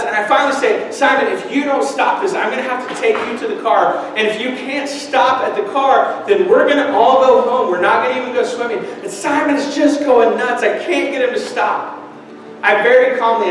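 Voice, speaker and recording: A man's voice: high voice, a little hiss or hum. A man preaching a sermon as pastor, telling a family story in an earnest way and building to emphatic appeals. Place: church sanctuary. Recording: echoey church hall, mic at a distance.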